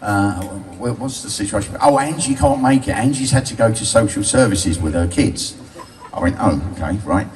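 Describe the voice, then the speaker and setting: A man's voice: lowish voice, expressive, normal speed, slight background noise. An older man telling crude, cheeky stories live to a bar crowd, laughing at his own jokes. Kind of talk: live stand-up storytelling. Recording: distant mic, loud crowd.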